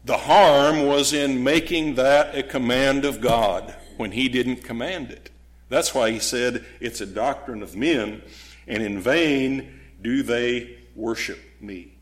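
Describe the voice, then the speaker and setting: Slow, emphatic male preacher. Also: mid-range voice. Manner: emphatic, with dramatic pauses and sudden loud stresses; acts out voices of critics with mock gasps. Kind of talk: sermon.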